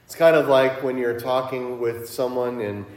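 A male pastor who grew up around Cincinnati, delivering an animated sermon and acting out his opponents' voices. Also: mid-range voice, moderate pace. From Cincinnati area, US. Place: church sanctuary. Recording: echoey church heard from a distance.

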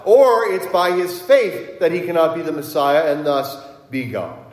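A male pastor who grew up around Cincinnati, delivering an animated sermon and acting out his opponents' voices. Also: on the high side. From Cincinnati area, US. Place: church sanctuary. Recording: echoey church heard from a distance.

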